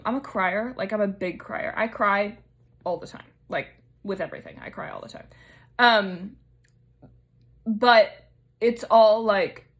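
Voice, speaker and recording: A woman's voice: on the high side, fairly bright tone. A young woman, hosting her own podcast in a casual, chatty, emotional way with many fillers. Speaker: podcast host.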